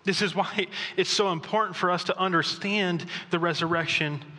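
A man preaching a sermon as pastor, chatty and animated, with offhand asides. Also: sits high, normal speed, long reverb tail.

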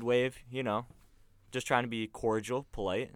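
A man's voice: medium pitch, level tone, unhurried, clean tone, no room sound. A young man, telling a story on a casual podcast, acting out the quotes and swearing freely. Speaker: podcast co-host.

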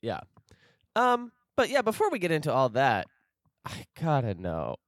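Rambling male comedy host, gravelly. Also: fairly high pitch, wildly swooping pitch, unhurried, no echo, studio quality. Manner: rambling, laughing, many fillers. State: gravelly from smoking. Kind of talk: casual comedy chat. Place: studio.

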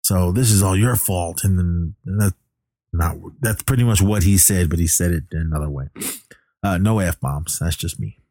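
Deep, dark-voiced man rambling through a movie recap. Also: normal speed, no echo, clean studio sound. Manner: rambling, many fillers and restarts. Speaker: film recapper. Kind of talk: casual movie plot recap.

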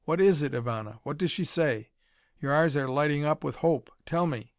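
A man's voice: a little high, normal speed, dry recording, studio quality, lightly acted. A man reading the lines of a determined male jungle explorer in a storybook, speaking sharply in short commands. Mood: anxious.

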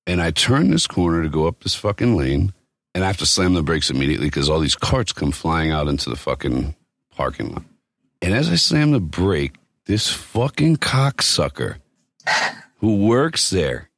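Podcast co-host, male: deep husky voice, swings wide when telling stories, crude and blunt, dry room. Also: dry recording. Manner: profane, animated storyteller. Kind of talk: casual chat.

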